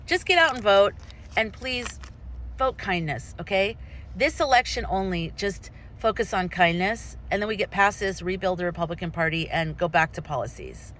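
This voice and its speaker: This woman from the United States speaks at normal speed in a medium-pitched, slightly bright voice with lively intonation, and a little hiss or hum sits in the background. Her personal opinion vlog is impassioned and rambling, with frequent restarts.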